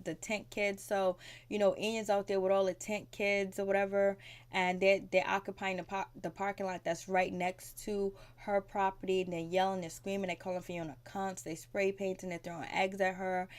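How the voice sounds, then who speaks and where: Rambling woman recapping a TV episode. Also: on the low side. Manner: rambling and conversational, frank, with fillers and mild swearing. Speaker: TV recap vlogger.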